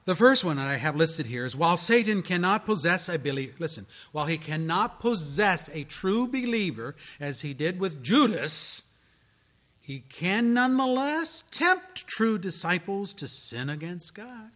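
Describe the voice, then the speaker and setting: A man, a pastor, preaching a sermon with dramatic storytelling delivery that swings between hushed tones and strong proclamation. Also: high voice, sing-song, normal speed.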